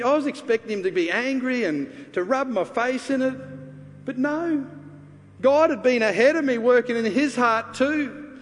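A pastor delivers a sermon in a church sanctuary, earnestly sharing a personal testimony before leading a quiet prayer as part of an altar call. His voice is very high-pitched, and his earnest, confessional manner drops to a hush for the prayer. The reverberant church hall carries faint ambience along with a little hiss or hum.

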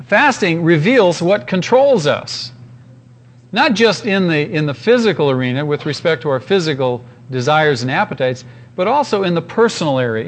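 A man preaching a sermon as pastor, in an earnest, emphatic way with repeated phrases. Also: fairly high pitch.

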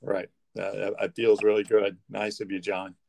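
A man's voice: fairly low pitch, level tone, normal speed, creaky, a little mellow. A man co-hosting a casual chat, teasing dryly and often repeating and restarting words. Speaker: co-host. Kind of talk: casual banter.

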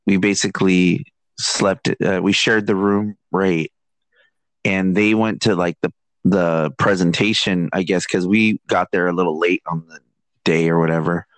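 A man's voice: sits low, steady tone, unhurried, no echo, rough recording. A man chatting casually on a podcast, laid-back and hesitant, with lots of fillers. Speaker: podcast guest. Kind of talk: casual chat.

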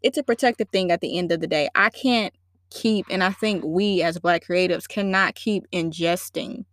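Relaxed slangy woman co-host. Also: on the low side, normal speed, no echo, studio quality. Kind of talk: casual conversation.

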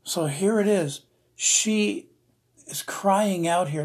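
A man preaching an emotional sermon, earnest and repetitive, slowing down to stress his words. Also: high voice, breathy edge. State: emotional, near tears.

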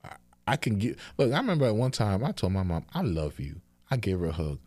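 A man of Nigerian and Haitian family, a guest on a casual podcast, telling stories with animated voices. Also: fairly low pitch, quick pace, no room sound. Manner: animated storytelling, does voices of his mother.

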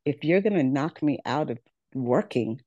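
Middle-aged woman telling her story, mellow and dry. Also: rumbling low, expressive, normal speed, no room sound, muffled recording. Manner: earnest, repeats words, acts out quoted dialogue. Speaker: podcast guest. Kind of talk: personal storytelling in an interview.

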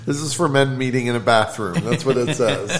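A man in a casual tasting chat, playful and quick to laugh. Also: medium pitch, slight background noise. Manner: playful, laughs often, jokey asides.

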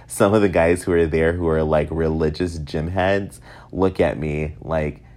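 A man in his thirties from upstate New York, telling self-mocking stories in a casual, animated way. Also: unhurried. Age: 30s. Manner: animated, self-mocking, swings up high for acted quotes. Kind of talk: casual storytelling monologue.

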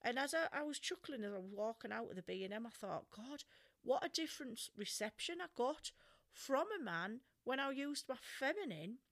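A woman's voice: on the high side, expressive, normal speed, a bit bright. A middle-aged woman with an English accent talks through self-help advice in a loose, conversational way. She is frank and chatty, drops in the odd swear word, and leans on plenty of ums and you-knows. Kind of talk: casual advice talk.

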